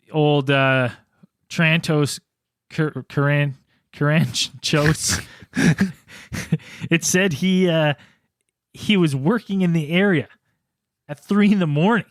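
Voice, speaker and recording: A man's voice: fairly high pitch, no room sound, studio quality. A man co-hosting a casual podcast, joking and asking playful questions. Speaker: podcast co-host. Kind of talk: casual chat.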